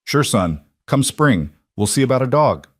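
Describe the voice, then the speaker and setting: A man's voice: mid-range voice, sing-song, normal speed, dry recording, clean studio sound, pitched above the performer's own voice. A man voicing a weary, determined frontier cowboy who pleads with and orders his son to hang on. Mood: gentle. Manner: pleading and commanding to keep his son awake.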